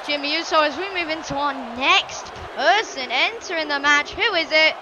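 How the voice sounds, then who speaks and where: A very high-pitched woman calls a wrestling match like a sportscaster, her voice leaping up and down as she shouts and gasps. Game music and a roaring arena crowd play loudly behind her. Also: normal speed, highs cut off. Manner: excitable, often shouting and exclaiming. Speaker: gamer commentating a wrestling game. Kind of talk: excited play-by-play commentary.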